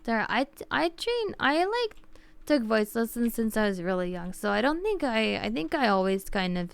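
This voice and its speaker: Young woman streamer rambling at chat, says like a lot, crisp voice with some gravel. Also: on the high side, very animated, moderate pace, no room sound. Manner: rambling, heavy use of "like", explains with restarts. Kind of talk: casual live-stream chat, answering viewers.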